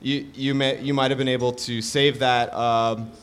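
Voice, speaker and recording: Measured man explaining like a teacher. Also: mid-range voice, little pitch movement, a bit bright, clean tone. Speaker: co-host. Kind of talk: casual explanatory chat.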